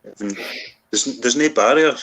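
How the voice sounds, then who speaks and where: A man's voice: mid-range voice, normal speed, a bit bright, low-quality recording. A middle-aged Scottish man in casual chat, telling stories in an easygoing way. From Scotland. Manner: easygoing storyteller.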